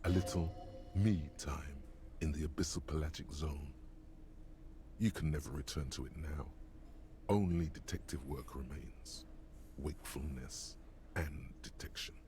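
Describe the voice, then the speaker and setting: A man voicing the gravelly, portentous inner narrator of a detective video game. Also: rumbling low, dark tone, a little hiss or hum. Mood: solemn. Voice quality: gravelly, slow, portentous delivery.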